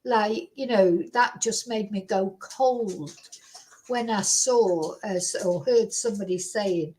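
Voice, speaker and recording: A woman's voice: medium pitch, slow, a little mellow, low-quality recording. A woman hosting her own channel, chatting casually and rambling with many fillers and tag questions. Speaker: true crime commentary channel host. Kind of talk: casual chat to camera.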